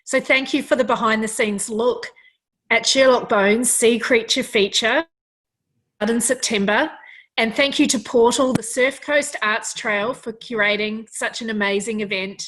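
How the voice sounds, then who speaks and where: A woman's voice: a little high, unhurried, a bit bright, rough recording. A woman interviewing an author, enthusiastic and full of compliments. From Australia. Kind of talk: interview hosting.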